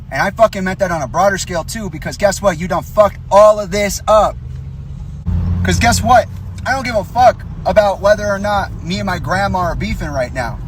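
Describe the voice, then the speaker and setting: A man's voice: high voice, a bit bright, a little hiss or hum. A young man in an angry, profane direct-to-camera rant, confronting and accusing the people he addresses. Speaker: vlogger.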